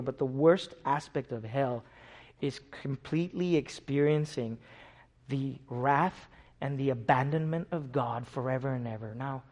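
A middle-aged man from India preaching a sermon, swinging from hushed, slow lines to loud, emphatic peaks. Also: mid-range voice.

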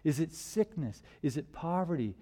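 Male preacher, slightly high voice, emphatic sermon delivery with rhetorical questions, from loud stress to near murmurs. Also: animated, moderate pace. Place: church.

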